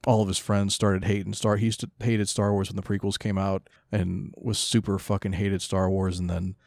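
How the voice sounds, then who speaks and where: Low-voiced laid-back man, podcast co-host. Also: level tone, normal speed, creaky, darkish tone, no room sound, studio quality. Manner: laid-back, rambling, laughs mid-sentence. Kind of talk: casual podcast banter.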